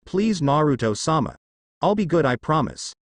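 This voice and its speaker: A man's voice: fairly high pitch, sing-song, normal speed, no room sound, clean studio sound. A man voicing a submissive female cat spirit who pleads and squeals, read in a fanfic audio story. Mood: pleading. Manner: pleading and breathless.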